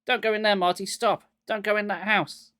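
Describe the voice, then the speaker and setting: A man reading aloud, voicing a terrified young girl who shouts and pleads in a frantic, raised voice. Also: high-pitched, a little fast, voice pushed up.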